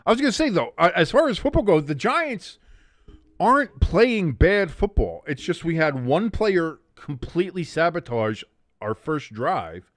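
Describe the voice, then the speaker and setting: An excitable man hosting a casual live sports watch-along, his voice swinging widely up and down in pitch as he reacts and reads out viewer comments. The sound is close and dry, with no room echo. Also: unhurried. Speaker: live stream host.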